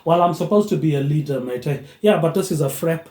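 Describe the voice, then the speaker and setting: Rambling man with a mellow, echoey voice. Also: a little high, brisk. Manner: meandering, tags lines with "mate, eh". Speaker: vlogger. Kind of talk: rambling solo monologue. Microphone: phone tablet, no microphone. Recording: echoey room, no mic.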